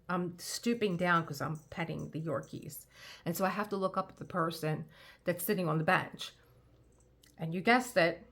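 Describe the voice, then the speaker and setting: Female craft vlogger, lowish gravelly voice, animated rambling storyteller. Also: slight background noise. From United States. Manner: animated, rambling anecdotes with restarts. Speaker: crafting channel host. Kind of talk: casual storytelling chat.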